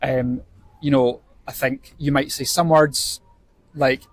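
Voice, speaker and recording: A man's voice: medium pitch, fairly even intonation, slow. A Scottish man, a theatre director, talking thoughtfully and with some hesitation as a guest in a casual interview. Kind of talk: casual chat.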